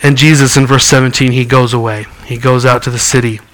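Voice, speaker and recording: A man's voice: medium pitch, little pitch movement, fairly quick, a bit bright, poor audio. A man preaching a sermon, reading scripture and explaining it earnestly. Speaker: pastor.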